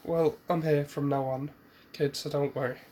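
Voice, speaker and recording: A man's voice: on the high side, steady tone, normal speed, dark tone, a little hiss or hum, lightly acted. A man voicing an older male sage mentor, easygoing and kind, in his own plain voice as he retells a fan story.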